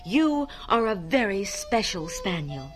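A woman's voice: medium pitch, very animated, a little slow, faint music behind. A woman voicing a fussy, doting dog owner in a read-aloud children's story. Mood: fond, fussy.

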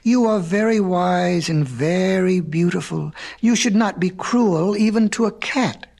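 A man's voice: sits high, unhurried, gravelly, a little mellow, breathy edge, full character voice. A man voicing a proud, sly male cat who walks by himself, cunning and wheedling when it suits him, in a storybook reading. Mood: pleading.

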